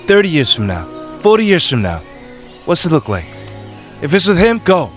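A man's voice: a little high, huge pitch swings, moderate pace, faint music behind. A man doing an impression of an earnest, pleading young lover in a nasal voice with a faint New York accent. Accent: slight New York. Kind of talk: comedic impression.

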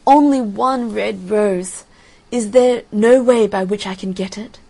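A woman's voice: medium pitch, steady tone, moderate pace, dark tone, close to an everyday voice, poor audio. A woman voicing an ardent, tender nightingale. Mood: pleading. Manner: earnest, raised and ardent. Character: tender, devoted female nightingale. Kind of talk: storybook reading.

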